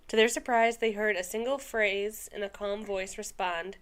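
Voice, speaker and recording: A woman's voice: mid-range voice, steady tone, normal speed, few pauses. Young woman podcast co-host, mid-range voice, reads a story aloud with chatty asides. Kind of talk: casual podcast chat, reading a story aloud.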